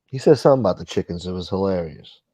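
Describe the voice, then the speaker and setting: A low, husky, mellow-voiced man hosts a casual livestream, talking at a racing, animated clip with no room sound. He's blunt and rambling, swears freely, mimics others, and reads viewer comments aloud.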